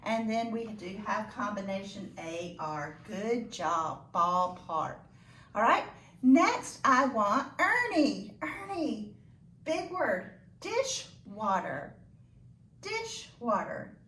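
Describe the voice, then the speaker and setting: A woman teaching a phonics lesson to children, slow and encouraging with sing-song praise. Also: mid-range voice, lively intonation, sharp tone. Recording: echoey room, voice from a distance.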